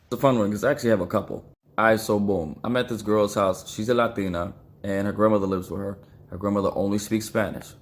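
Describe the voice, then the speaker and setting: A man telling a story to the camera in an animated, punchy way. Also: on the low side, fast.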